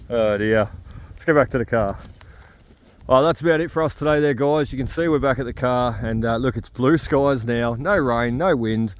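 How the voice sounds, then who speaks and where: An Australian man vlogs his metal detecting trip on a rainy hillside, talking casually to his camera. His voice is smooth and medium-pitched, and he keeps a moderate pace. He's chatty and laughs easily as he narrates.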